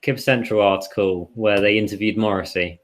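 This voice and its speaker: Laughing casual English host. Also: male voice, fairly low pitch, steady tone, a little fast. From England. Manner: laughs often, casual filler words. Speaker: podcast host. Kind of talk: casual chat.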